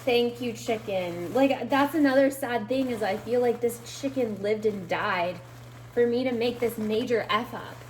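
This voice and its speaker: A tired woman recovering from surgery records a casual video diary in her home kitchen, rambling and emotional and laughing through her sadness. Her voice is fairly high and measured in pace, with a little hiss or hum in the background.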